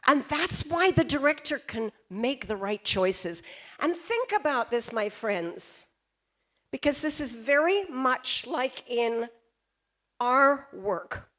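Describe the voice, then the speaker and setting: A high-voiced woman delivers a keynote from a convention stage at a slow, deliberate pace. She tells a story with dramatic pauses and keeps turning to the audience with questions. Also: lively intonation, a bit bright. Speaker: keynote speaker.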